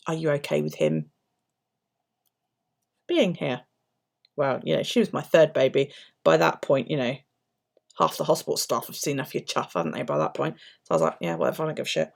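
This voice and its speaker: Gravelly English woman chatting sweary. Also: sits low, animated, normal speed, pauses often. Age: middle-aged. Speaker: bullet journal vlogger. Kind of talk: casual chat while journaling.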